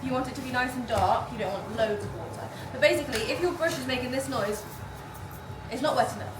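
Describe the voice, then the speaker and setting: A woman with a high voice teaches young children how to paint, patiently going through each step. She sounds echoey and some way off from the mic. Music plays clearly behind her. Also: quick pace, far from the mic. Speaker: art teacher.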